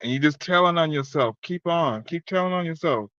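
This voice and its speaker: A man's voice: fairly high pitch, a little fast, fairly bright tone, dry recording. Fired-up guy cussing through chat reactions, muffled lo-fi mic, dead dry room. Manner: heated, exasperated, reading chat aloud. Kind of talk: profane casual commentary. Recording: dull lo-fi dry sound.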